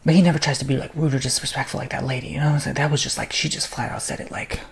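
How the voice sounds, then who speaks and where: Very breathy gravelly man, ASMR storytelling. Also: mid-range voice, steady tone, rapid-fire. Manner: drifts between soft speech and unvoiced whisper; chatty and rambling, many fillers and asides. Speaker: ASMR creator telling a travel story. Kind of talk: soft-spoken ASMR storytelling.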